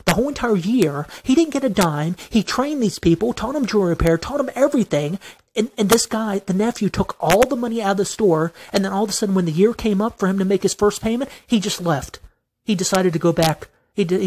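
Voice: medium pitch, brisk, darkish tone, slight background noise. A vlogger giving a heated, profane and repetitive venting monologue, aggrieved and insistent.

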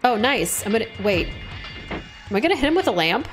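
A woman's voice: fairly high pitch, big pitch swings, fairly quick, music in the background. A woman streaming a horror game, chatty and joking, saying "F word" in place of swearing. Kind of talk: casual let's-play commentary.

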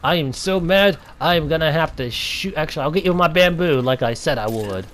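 Taunting his opponents, a young gamer narrates his play in a slightly high, animated voice, now and then letting loose long, theatrically exaggerated yells.

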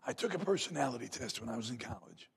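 A man preaching a revival sermon in a church, telling folksy stories and rising to loud emphatic peaks. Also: medium pitch, animated, fast talker, creaky, slightly rough. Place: church sanctuary.

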